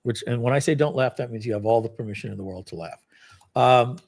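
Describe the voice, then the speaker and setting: This fast-talking man has a gravelly, mid-range voice as he hosts a live product launch stream. He walks viewers through the software demo in a rambling, casual manner, full of fillers and self-deprecation.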